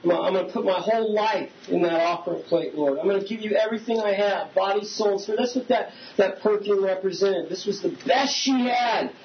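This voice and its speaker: High-voiced man preaching a sermon. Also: brisk, hardly any pauses. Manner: conversational preaching, asks the congregation questions. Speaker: pastor. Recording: slightly dull recording with faint hiss.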